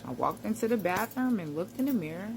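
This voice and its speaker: A woman's voice: mid-range voice, animated, quick pace, a little mellow, slight background noise. A woman giving a casual motivational talk to camera, conversational and reflective, with slang and frequent laughs. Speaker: self-help vlogger.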